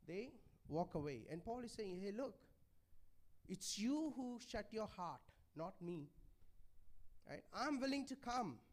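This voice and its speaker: A man preaching a sermon in a church, pleading and conversational, often checking in with the congregation. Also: high voice. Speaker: pastor.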